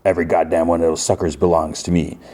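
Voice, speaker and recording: Smug older mob boss, deep and gloating, played by a man. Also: flat delivery, fast, warm tone.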